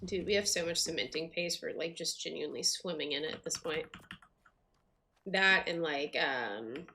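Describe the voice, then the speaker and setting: A woman's voice: low-pitched, moderate pace, sharp tone, a little hiss or hum. A woman streaming a game, chatting casually and thinking aloud with lots of fillers. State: hiccups. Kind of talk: casual gameplay commentary.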